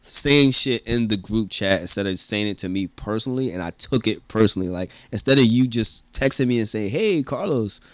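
A man co-hosting a podcast, telling a story in a profane, animated rant and laughing often. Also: fairly low pitch, a little fast, hardly any pauses, no echo. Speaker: podcast co-host. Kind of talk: casual ranting chat.

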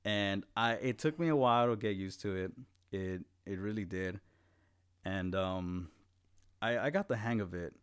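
A young man with a lowish voice, hosting a casual chat in a laid-back way. He tells profane stories and acts out the quotes. He grew up in Los Angeles. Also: normal speed, clear, resonant tone.

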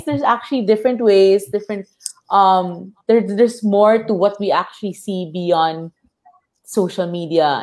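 A woman from the Philippines speaks in a casual panel talk. Her mid-pitched voice turns animated as she acts out what other people say. She talks with plenty of fillers and restarts.

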